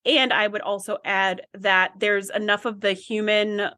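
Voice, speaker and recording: A woman's voice: mid-range voice, steady tone, unhurried, bright, forceful tone, no room sound, clean studio sound. A woman co-hosting a podcast in casual chat, chatty and reflective, agreeing readily. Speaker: podcast co-host.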